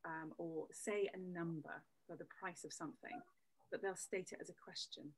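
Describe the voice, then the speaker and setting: A woman speaks as a voice coach in an interview, her tone husky and a little breathy. She explains things patiently and backs her points with examples. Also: on the low side, steady tone, moderate pace, poor audio. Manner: explanatory, uses demonstrative examples. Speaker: voice coach guest. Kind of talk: conversational interview.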